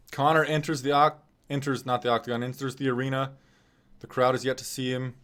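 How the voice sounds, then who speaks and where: A man's voice: medium pitch, flat delivery, fairly quick, a bit bright. A man from Nebraska hosting a live fight stream, commenting casually with a chatty, self-deprecating, wry manner. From Nebraska, USA.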